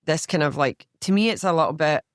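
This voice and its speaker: A woman's voice: sits low, a little fast, no echo, clean studio sound. Blunt Glaswegian woman in her fifties. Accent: Glaswegian Scottish. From Scotland. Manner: blunt, swears freely, animated storyteller. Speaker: guest, stylist. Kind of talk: casual podcast chat.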